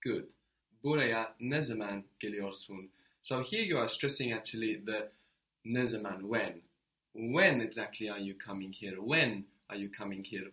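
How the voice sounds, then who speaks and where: A man's voice: mid-range voice, fairly bright tone. A man teaching a language lesson, explaining step by step and prompting his student to answer.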